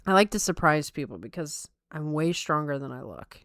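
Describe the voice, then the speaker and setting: Casting: young woman podcaster, rambling and self-mocking, Valley Girl lilt, smooth voice on a dry mic. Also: sits low, lively intonation, normal speed, no echo. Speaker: podcast host. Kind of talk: casual chat.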